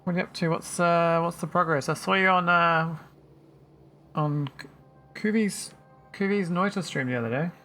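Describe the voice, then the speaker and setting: A man's voice: on the high side, moderate pace, pauses often, sharp tone, soft background music. A man streaming a game, chatting casually and teasing his viewers while he thinks aloud. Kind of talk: casual live-stream chat while playing.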